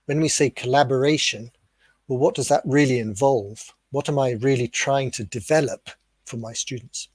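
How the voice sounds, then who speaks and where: A man with a British accent explaining ideas to teachers in a webinar, asking rhetorical questions in a steady, clear teaching tone. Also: mid-range voice, normal speed, no echo. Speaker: webinar speaker on teacher development. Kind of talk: explanatory lecture.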